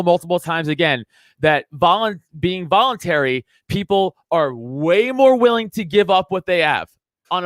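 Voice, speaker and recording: A man's voice: high voice, a bit bright, dry recording. A man, a comedian guest on a podcast, arguing his views in casual chat, emphatic and full of swearing. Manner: emphatic, profane ranting.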